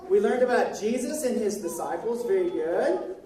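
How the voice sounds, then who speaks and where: A woman teaching children at a church ministry, directing a Bible story skit and prompting lines for them to repeat, in an animated, coaxing way. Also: mid-range voice, moderate pace, a crowd in the background. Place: large echoey church hall with children. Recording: echoey hall, distant mic, children chattering.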